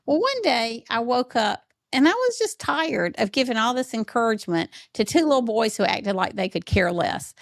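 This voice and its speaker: A woman hosting a podcast, talking in a lively storytelling way and acting out quotes. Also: fairly high pitch, normal speed, creaky, no room sound, studio quality. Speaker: podcast host. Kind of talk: podcast conversation.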